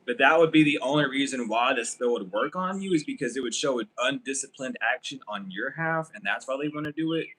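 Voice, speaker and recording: A man's voice: medium pitch, expressive, fairly quick, hardly any pauses, fairly bright tone, a little hiss or hum, low-quality recording. A man giving a casual spiritual reading to camera, rambling and profane, often breaking into laughter. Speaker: tarot reader.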